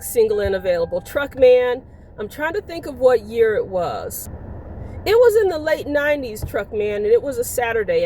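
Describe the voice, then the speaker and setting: A woman's voice: a little high, darkish tone, slight background noise, rough recording. A woman in her sixties vlogging, telling stories in a chatty, playful way and laughing as she goes. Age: 60s. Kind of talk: casual storytelling to camera.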